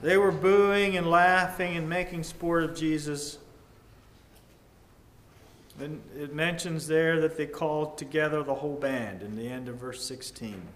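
Male preacher, slow and earnest, rises loud then drops to a hush; echoey church room with faint background hum. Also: a little high, steady tone. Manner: measured, earnest, with sudden swings between loud and hushed. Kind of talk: sermon.

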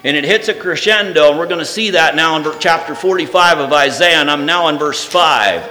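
A man preaching a sermon. He reads scripture aloud, then shifts between loud, emphatic proclamation and soft, intimate speech. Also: fairly high pitch, a little fast. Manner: reads scripture aloud in old-fashioned wording. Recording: reverberant hall.

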